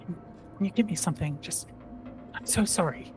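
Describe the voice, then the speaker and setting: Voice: mid-range voice, brisk, music in the background, natural voice. Someone doing a stammering, nervous mother. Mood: anxious. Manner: stammering, hushed and apologetic. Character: nervous middle-aged mother, furtive.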